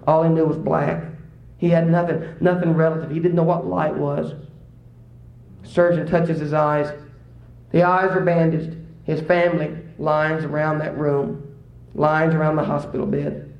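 A male preacher delivering a sermon during a church service. He tells a story and rises to excited, high-pitched exclamations. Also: normal speed, vocal fry, echoey room, lo-fi sound.

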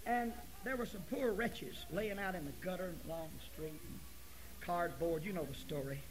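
A male preacher giving a folksy sermon, dropping to near-whispers and then rising to loud, forceful preaching. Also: sits high, moderate pace, low-quality recording. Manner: folksy storytelling.

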